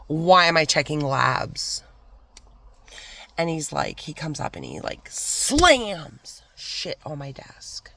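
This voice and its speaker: A woman's voice: sits low, creaky, a bit bright, no echo. A woman vlogger telling a storytime rant about an old job, swinging between fired-up complaints and whispered asides.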